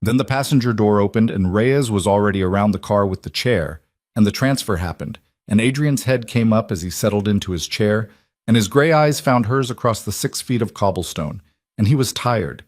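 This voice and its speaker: A man narrating a dramatic story in short, even, declarative sentences. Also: lowish voice, moderate pace, dry recording, studio quality.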